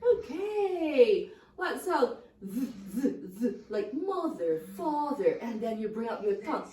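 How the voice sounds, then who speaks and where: A woman from the Philippines, an English teacher leading toddlers through phonics action songs with a sing-song, animated delivery. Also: high voice, slow pace, recorded from a distance. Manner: sing-song, animated, sound effects and chants. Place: classroom. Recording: echoey room, voice from afar, music behind.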